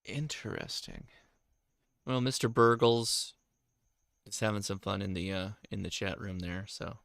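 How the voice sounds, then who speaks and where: A man hosting a casual livestream, talking in a halting way and often correcting himself. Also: on the low side, vocal fry, fairly bright tone, dry recording, studio quality. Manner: halting, self-correcting, reads viewer questions aloud. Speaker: host.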